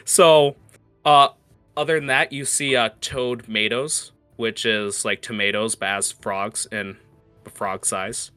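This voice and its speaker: A man's voice: mid-range voice, steady tone, takes it slowly, sharp tone, smooth, no echo, faint music behind. A man narrating as game master of a tabletop game, hesitant with many fillers.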